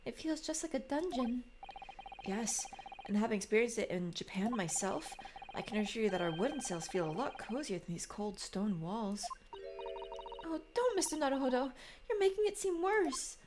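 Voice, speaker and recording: A woman voicing a polite, gentle young female assistant who speaks softly and formally. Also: a little high, very animated, moderate pace, background noise. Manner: soft, courteous and formal.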